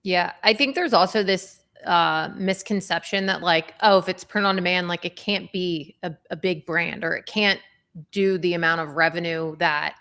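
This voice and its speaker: A young woman co-hosts a livestream in casual chat, and her voice has a bright, forward edge. She carries a gravelly fry and fills her talk with frequent ums and likes. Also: fairly low pitch, normal speed. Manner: conversational with frequent fillers. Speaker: livestream co-host.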